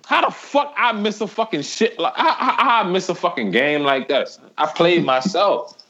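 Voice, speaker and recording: A young man with a high, gravelly voice spins a story in loose, casual chat. He talks with animated energy and swears freely, breaking into laughter. His tone stays rough and raised throughout. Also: moderate pace, dull audio.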